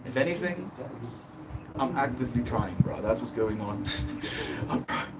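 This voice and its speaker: Expressive and measured, a mid-range male voice comes from a distant mic during a livestream. He laughs and chats easily while reading and responding to messages from his viewers, his voice slightly off-mic against noticeable background noise.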